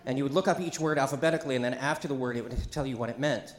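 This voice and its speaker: Speaking rapid-fire in a mid-range voice, a middle-aged pastor gives a chatty, joking sermon in a church sanctuary. He slips in asides and leads call-and-response with the congregation. The audio is reverberant.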